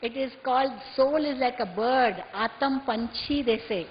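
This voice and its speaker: A woman gives a measured spiritual talk. Her voice sits high, and she keeps asking her listeners rhetorical questions. The recording is muffled, with a long hall echo and a light hiss. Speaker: spiritual teacher.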